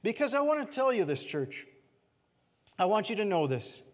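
A man with a high, light voice delivers an earnest sermon in a church sanctuary. He pleads with his listeners and swings from loud emphasis to hushed, quiet lines. His voice rings out with a long reverb through the hall. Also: very animated, moderate pace. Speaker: preacher.

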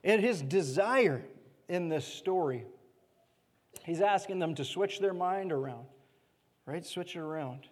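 High-voiced man preaching in a reverberant hall. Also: animated, unhurried, long pauses. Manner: earnest, pleading, swings from loud emphasis to hushed lines. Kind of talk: sermon. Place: church sanctuary.

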